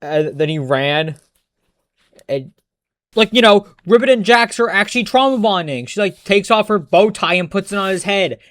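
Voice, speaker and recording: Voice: mid-range voice, animated, moderate pace, a bit bright, no room sound. A commentator rants about a cartoon in a casual, profane and exasperated way, full of sarcastic asides. The recording is dry and close, with no room sound.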